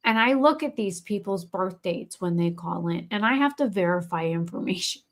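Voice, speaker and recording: A woman's voice: lowish voice, expressive, moderate pace. A woman, chatting casually and bluntly while streaming a game, swearing freely. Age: 40s. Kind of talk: casual gaming stream chat.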